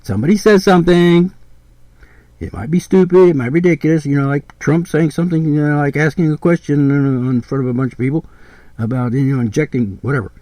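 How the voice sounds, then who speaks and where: A man's voice: on the high side, a little fast, warm tone, no echo. A man in his seventies giving a blunt, rambling podcast monologue, repeating himself and swearing freely. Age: 70s. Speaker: podcast host.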